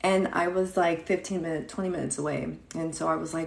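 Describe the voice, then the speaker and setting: A woman's voice: deep voice, steady tone, fairly quick, gravelly. A woman in her thirties telling a story casually on a livestream, chatty, greeting viewers by name between sentences and acting out what others said. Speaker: livestream host. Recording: echoey room.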